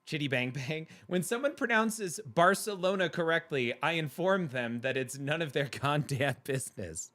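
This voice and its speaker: A man's voice: a little high, lively intonation, normal speed, hardly any pauses, pushed and bright. A man hosting a livestream, chatting casually with viewers and laughing often in a playful way. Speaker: livestream host reading chat. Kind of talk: casual chat.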